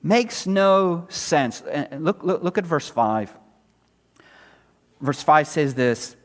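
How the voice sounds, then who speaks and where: High-voiced preaching man in echoing hall. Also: lively intonation, slow pace, long pauses. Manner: expository preaching with sarcastic rhetorical questions; swings between loud emphasis and low quiet drops. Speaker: pastor. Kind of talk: sermon.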